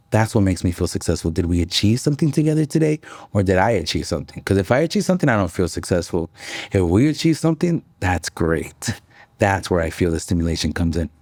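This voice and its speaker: A man's voice: deep voice, warm tone, dry recording. A young man, a company president, chatting casually as an interview guest, upbeat and jokey. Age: young adult.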